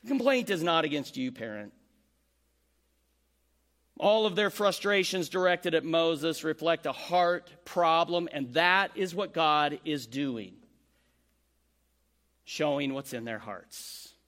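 A man preaching a sermon, animated, acting out the complaints he quotes. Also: on the high side, takes it slowly, long pauses. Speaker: pastor.

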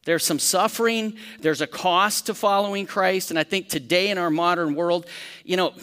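A man teaching a Bible study as pastor, talking conversationally, asking the room questions and acting out quick lively storytelling examples. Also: high-pitched, clean tone, long reverb tail.

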